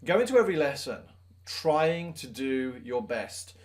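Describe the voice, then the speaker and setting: A man's voice: mid-range voice, big pitch swings, unhurried. A man, a teacher giving an earnest, emphatic motivational talk to the camera, with self-mocking asides.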